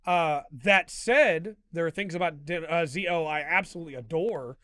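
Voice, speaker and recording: A man with a high, smooth voice talks through a show he loves, gushing and getting openly emotional as he retells it. The sound is dry and close, with no room around it. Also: moderate pace, pushed and bright, no room sound. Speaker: host. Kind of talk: casual review monologue.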